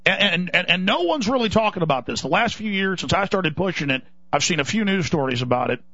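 A man's voice: high-pitched, very animated, quick pace, sharp tone, no room sound. A man hosting a talk radio show, delivering an urgent, indignant monologue and slipping into mocking voices. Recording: dull lo-fi radio broadcast.

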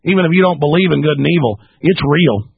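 A man hosting a talk radio show, delivering an angry, impassioned monologue with sudden leaps and drops in pitch. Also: lively intonation, fast talker, gravelly, slightly rough, dry recording. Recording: dry, phone-like narrow band.

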